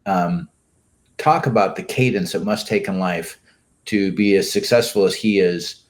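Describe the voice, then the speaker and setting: An older man speaks in a lowish voice, talking in a loose, rambling way. He keeps restarting his sentences and leaning on fillers as he chats with a host. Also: unhurried. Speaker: guest. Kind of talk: casual interview talk.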